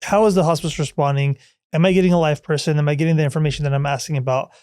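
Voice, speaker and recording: A man hosting a podcast interview, asking quick follow-up questions in a conversational way. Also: on the high side, steady tone, darkish tone, clean tone, no room sound, clean studio sound.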